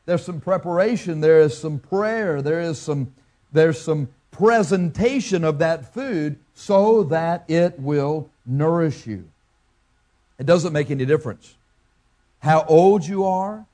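Pastor, male, preaching. Folksy, asks the room questions, mellow tone. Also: on the high side, slow pace. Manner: farm analogies. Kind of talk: sermon.

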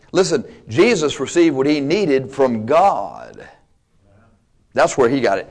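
A man's voice: medium pitch, sing-song, unhurried. A man preaching a sermon, emphatic and dynamic, with playful asides to the congregation. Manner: emphatic, swings between loud and quiet, playful asides.

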